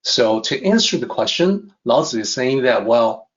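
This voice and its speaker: A man teaching a lesson on a classic text, calmly repeating and rephrasing each idea. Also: mid-range voice, muffled recording. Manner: measured, repeats and rephrases ideas. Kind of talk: calm explanatory lesson.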